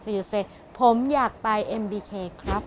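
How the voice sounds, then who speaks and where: A woman's voice: rapid-fire, noisy background. Patient woman teacher. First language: Thai. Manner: patient, explains step by step with laughs. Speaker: language teacher. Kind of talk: casual language lesson.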